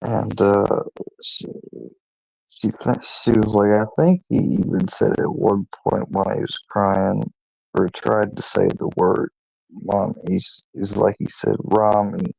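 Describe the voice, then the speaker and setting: A man casually telling a personal story to his channel, in a meandering, halting way with many restarts. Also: lowish voice, flat delivery, gravelly, a little mellow, no room sound, low-quality recording. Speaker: channel owner.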